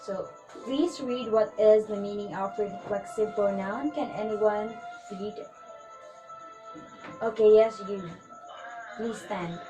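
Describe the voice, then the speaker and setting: A woman's voice: medium pitch, fairly even intonation, slow pace, pauses often, rough recording. A woman teacher giving a grammar lesson to her class, patiently repeating her points and often addressing the class. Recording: music playing under the voice.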